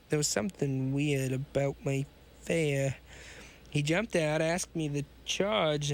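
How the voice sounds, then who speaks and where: A man's voice: on the high side, gravelly. A man voicing a chatty, superstitious male taxi driver in a read-aloud pulp story, folksy and hesitant.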